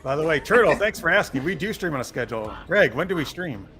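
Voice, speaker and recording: A man's voice: a little high, sing-song, quick pace, bright, forceful tone, faint music behind. A man joining a tabletop game as player and co-host, talking in casual, teasing banter. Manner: playful, teasing.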